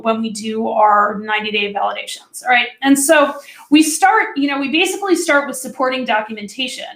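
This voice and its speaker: Woman, food safety trainer; fairly high voice, chatty and direct, roomy echo on the recording. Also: a bit bright. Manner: chatty and direct, talks to listeners as friends. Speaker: food safety consultant presenting a webinar. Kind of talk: conversational training presentation.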